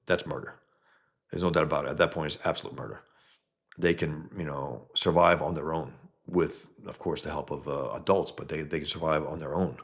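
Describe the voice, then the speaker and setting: A man's voice: extremely low pitch, steady tone, fairly quick, a bit bright. A man hosting a casual livestream, reading chat comments and rambling bluntly, often trailing off mid-sentence.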